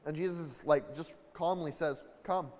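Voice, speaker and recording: A man preaching with a high voice, earnest and building in intensity, acting out the lines of the people in the story. His voice rings through a hall with a long reverb tail. It sounds like a sermon given in a church. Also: measured pace. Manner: earnest, building intensity, acts out quoted dialogue.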